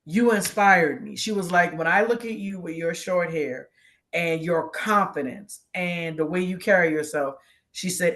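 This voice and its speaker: A woman's voice: lowish voice, a bit bright. Woman telling a heartfelt story on a live show, emotional, acts out what people said to her. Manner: heartfelt, tearful storytelling with many quoted exchanges. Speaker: guest co-host. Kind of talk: casual chat, emotional personal story.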